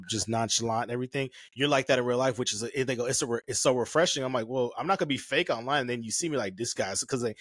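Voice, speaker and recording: A man's voice: mid-range voice, no room sound, clean studio sound. A man in his forties, a photographer hosting a podcast, chatting casually and jumping into playful impressions as he tells stories. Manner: quick, animated storytelling that breaks into playful impressions.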